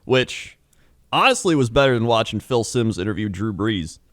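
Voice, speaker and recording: A young podcast co-host with a lowish voice tells stories at a moderate pace in casual chat, with background noise behind him. He laughs often and acts out quotes with animation.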